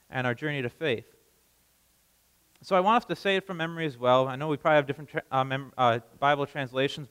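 A man's voice: a little high, fairly bright tone. Man preaching in a reverberant hall. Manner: conversational preaching with frequent restarts. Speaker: pastor. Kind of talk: sermon.

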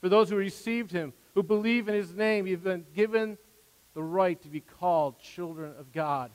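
Earnest high-voiced male pastor preaching. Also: normal speed, darkish tone. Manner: earnest preaching with rising emphasis and asides. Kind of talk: sermon. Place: church sanctuary. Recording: long hall reverb.

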